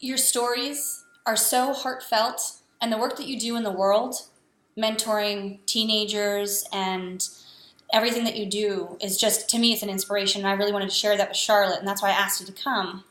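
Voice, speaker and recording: A woman hosting an interview, speaking in a warm, effusive and emotional way. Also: medium pitch, little pitch movement, brisk. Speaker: interview host. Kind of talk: casual interview talk. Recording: roomy echo.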